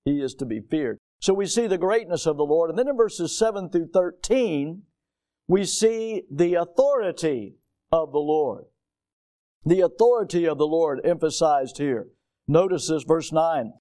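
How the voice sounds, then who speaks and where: A middle-aged pastor preaching a sermon, reading scripture aloud and rising to emphatic declarations. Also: male voice, on the high side, lively intonation, measured pace, warm tone.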